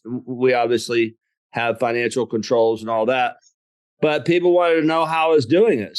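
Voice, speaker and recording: Folksy Southern man with a smooth voice. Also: mid-range voice, no room sound. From southern Alabama. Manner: folksy, jokes and laughs at own stories. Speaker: guest, business coach and author. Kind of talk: storytelling interview.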